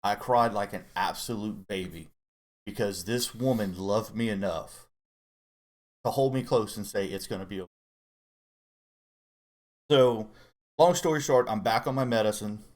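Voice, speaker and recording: A middle-aged man with a voice sitting a little on the low side tells a personal story in casual conversation. He speaks earnestly and haltingly, restarting phrases as he opens up about hard feelings. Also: darkish tone. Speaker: co-host guest dad.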